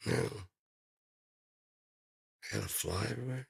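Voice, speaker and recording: A man's voice: rumbling low, normal speed, vocal fry, breathy edge. A man vlogging in a rambling, profane, casual monologue, telling stories and putting on silly voices.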